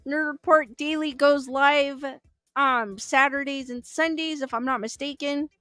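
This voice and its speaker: A woman hosting a casual livestream talks with viewers in a high, bright voice, chatty and given to thinking aloud with fillers and laughs. Her voice sounds dry and close, with faint music underneath. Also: steady tone, a little slow, no echo. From Southern California. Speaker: livestream host reading chat. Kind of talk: casual live chat.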